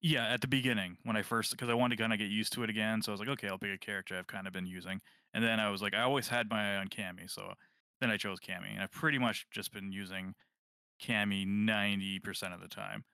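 Man with a bright, clear, dry voice. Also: lowish voice, fast, no room sound. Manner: rambling, relaxed, lots of fillers and restarts. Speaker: podcast co-host. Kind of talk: casual chat about video games.

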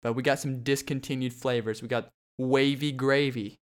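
A man's voice: medium pitch, steady tone, normal speed, clean tone. A young man hosting a solo podcast, rambling and joking with lots of fillers and restarts. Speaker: podcast host.

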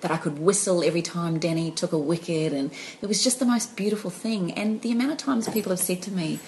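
Lively storytelling New woman. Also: on the low side, quick pace, slight background noise, low-quality recording. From New Zealand. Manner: animated, laughing storyteller. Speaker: podcast guest. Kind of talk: casual storytelling chat.

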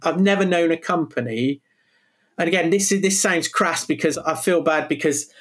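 A man's voice: a little high, normal speed, slightly rough. A middle-aged man, talking as an interview guest in an enthusiastic, rambling way, full of restarts and tangents. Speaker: guest, video producer. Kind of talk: casual interview chat.

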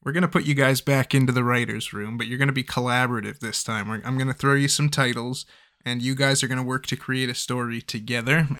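A man hosting a casual podcast chat, joking, animated and laughing often. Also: medium pitch, fast talker. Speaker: podcast host running a game.

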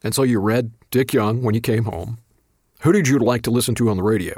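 A man's voice: mid-range voice, fairly quick, a little mellow, slightly rough, no echo, clean studio sound. A man interviewing, asking brief plain questions.

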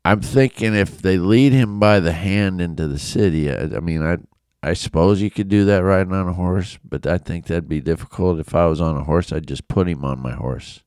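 A man from Illinois giving a casual Bible study talk, conversational and animated, with storytelling asides. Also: low voice, moderate pace, clean tone, no room sound, studio quality. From Illinois, USA. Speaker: Bible teacher.

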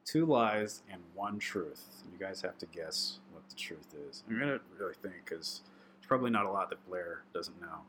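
A man chatting as a podcast guest, halting and animated, with lots of fillers and laughter. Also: low voice, noisy background. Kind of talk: casual chat.

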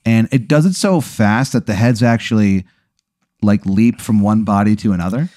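A young man narrating a tabletop-style story as game master, rambling and animated with many fillers. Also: fairly low pitch, moderate pace, no room sound, clean studio sound. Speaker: game master and podcast host.

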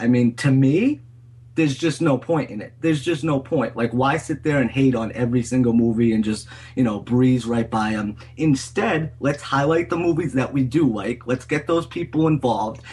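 A man co-hosts a casual podcast. He talks bluntly and defiantly, and he laughs easily. His voice is a little husky. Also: mid-range voice, moderate pace, darkish tone. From Boston, USA. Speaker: podcast co-host.

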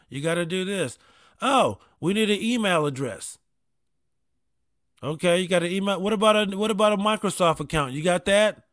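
A man telling casual comedic stories about gaming with his kid, profane and animated, with quick asides. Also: high-pitched, dry recording, clean studio sound.

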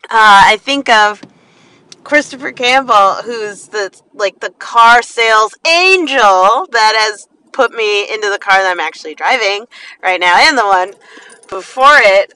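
A woman talking from inside a car in a casual motivational monologue, animated and acting out quotes. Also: medium pitch, clear, resonant tone, poor audio. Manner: animated, acts out quotes in lively voices.

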